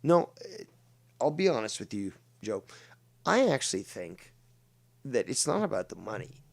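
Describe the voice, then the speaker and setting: A man hosts a heated livestream show with a gravelly, creaky voice. He curses freely and swings between loud outbursts and low muttering. His delivery is fiery and unpredictable. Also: very animated, moderate pace. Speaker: show host.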